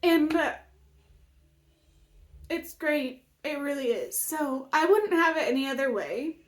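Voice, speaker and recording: A woman casually vlogs about her healing, emotional and near tears, open and full of fillers, sometimes dropping to a whisper. Her voice is high-pitched with lively intonation and a slow pace.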